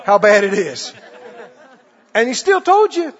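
A male preacher delivers a fervent sermon in a very high voice that swings widely in pitch. His tone is husky, and he keeps firing rhetorical questions at the congregation. The dull recording carries the long reverb of a church hall. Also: very animated, measured pace, fairly bright tone, some chatter behind.

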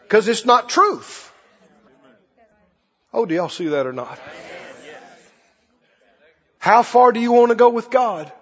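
Older male preacher, folksy storyteller, husky and high, long echo of a big hall. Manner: animated, folksy, shifts from quiet to hollering. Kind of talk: sermon with storytelling. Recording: dull echoey hall recording.

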